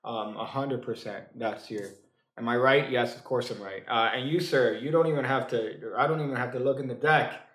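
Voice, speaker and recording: A halting, joking male card magician. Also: mid-range voice, fairly bright tone, echoey room. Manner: halting, full of fillers and restarts; dry, joking asides. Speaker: magician teaching a card trick. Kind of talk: casual comedic tutorial.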